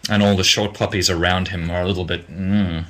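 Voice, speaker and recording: Young Australian male, very low and bright-edged, hesitant, blunt, casual and tired. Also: steady tone. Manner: hesitant and halting, many ums and restarts, then blunt. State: getting tired. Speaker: music producer. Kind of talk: casual livestream Q&A, reading out viewer questions.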